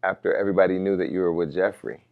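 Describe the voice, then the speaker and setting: A man's voice: low-pitched, fairly even intonation, very fast. A male interview host who asks direct, probing questions. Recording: dull lo-fi sound.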